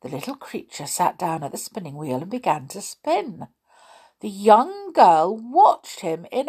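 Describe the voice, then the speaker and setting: A woman reading a fairy tale aloud, expressive with dramatic pauses. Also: mid-range voice. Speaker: storyteller.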